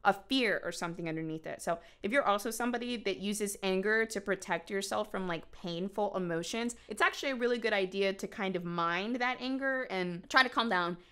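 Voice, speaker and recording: A woman's voice: mid-range voice, brisk, few pauses, fairly bright tone, clean tone. A woman streamer giving casual, chatty commentary on bodycam footage, prone to exasperated outbursts.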